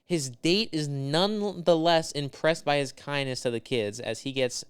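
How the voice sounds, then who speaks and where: A man co-hosts a casual comedy podcast with a very smooth, resonant voice. He riffs in a profane, rapid-fire rant. The sound is dry and close, with no room echo. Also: fairly high pitch. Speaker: podcast co-host.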